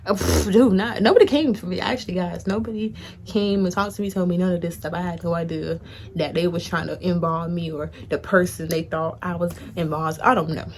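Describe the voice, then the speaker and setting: A young woman vlogger telling a casual storytime to her viewers, chatty and animated, speaking straight to them. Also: fairly low pitch, brisk, a little hiss or hum.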